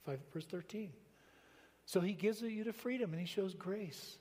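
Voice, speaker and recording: An older man preaching a sermon to his church in a relaxed, conversational way, with anecdotes and frequent rhetorical questions. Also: high-pitched, normal speed. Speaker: pastor. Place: church sanctuary. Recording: long hall reverb.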